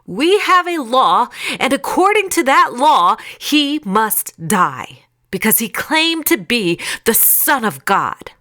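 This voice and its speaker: A woman voicing an angry crowd, shouting its demands in a raised, high voice. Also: sing-song, slow pace, exaggerated voice. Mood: furious.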